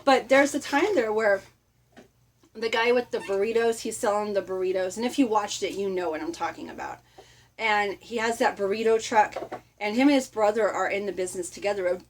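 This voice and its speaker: A middle-aged woman giving a casual motivational talk, chatty and animated, often laughing and acting out little quotes. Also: medium pitch, fairly quick, slight background noise. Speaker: motivational vlogger.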